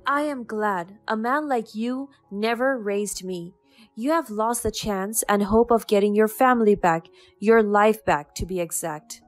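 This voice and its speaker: A resentful grown daughter turning down her father with cutting words, read by a woman narrator. The voice sits mid-range and stays firm. Soft music plays beneath. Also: mid-range voice, unhurried, lightly acted. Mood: cold. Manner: cutting, accusing.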